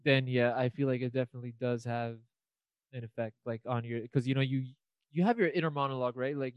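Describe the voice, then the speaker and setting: A man's voice: mid-range voice, clear, resonant tone, dry recording, poor audio. A young man co-hosting a casual podcast, wandering through his thoughts with plenty of "you know" and "like." His voice is clean and resonant, recorded close and dry. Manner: rambling, filler-heavy, laughs often. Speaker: podcast co-host. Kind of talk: casual chat.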